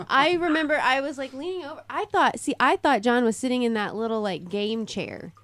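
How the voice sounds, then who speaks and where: A woman's voice: on the high side, moderate pace, a bit bright. A woman co-hosting a podcast in casual chat, laughing and exclaiming often. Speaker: podcast co-host.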